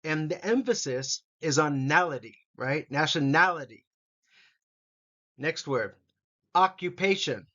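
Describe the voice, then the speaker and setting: A man teaching English vocabulary, saying each word slowly and repeating it for learners to copy. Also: on the high side, expressive, bright, forceful tone, muffled recording. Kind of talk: vocabulary pronunciation lesson.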